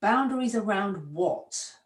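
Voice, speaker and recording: Animated woman coach on an echoey call. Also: mid-range voice, slow, distant mic. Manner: encouraging, animated, gently directive. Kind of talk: coaching session.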